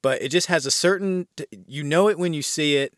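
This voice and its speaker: A man's voice: on the high side, fairly quick, fairly bright tone, no room sound, clean studio sound. Laid-back American man reviewing a film. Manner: rambling, laid-back, swears freely. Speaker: horror film podcast host.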